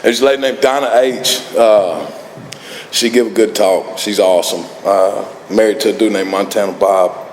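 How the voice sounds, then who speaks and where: A man's voice: on the low side, normal speed. A man giving a laid-back recovery talk at a meeting, laughing often as he tells stories. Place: meeting hall. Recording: echoey hall, faint ambient noise.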